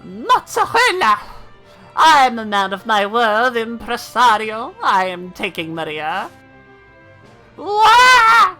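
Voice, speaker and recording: A woman's voice: mid-range voice, unhurried, hardly any pauses, over music, voice pushed up, lightly acted, poor audio. A woman voicing a pompous, dramatic male gambler who makes grand theatrical exclamations. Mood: gloating.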